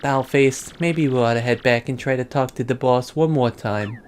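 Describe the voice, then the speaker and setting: A woman voicing a timid young male gangster in love in a video game, soft and pleading. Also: rumbling low, moderate pace, slight background noise. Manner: pleading, sweet-talking.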